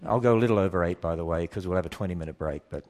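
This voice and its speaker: A man giving an emphatic talk to a church audience, firing questions at the listeners and acting out quoted voices in quick exchanges. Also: sits low, darkish tone. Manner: acts out quoted voices in quick back-and-forth. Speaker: speaker.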